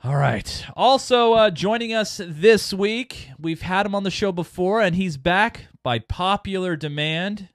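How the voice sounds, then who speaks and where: A man's voice: high voice, a little slow, hardly any pauses, dry recording, studio quality. A man hosting a podcast, joking with his panel and laughing often. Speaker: host. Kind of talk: casual podcast chat.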